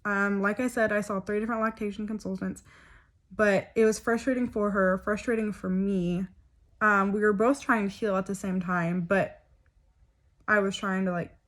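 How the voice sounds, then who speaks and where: A young woman telling a personal story in a chatty, emotional way, full of fillers and asides. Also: mid-range voice. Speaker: vlogger.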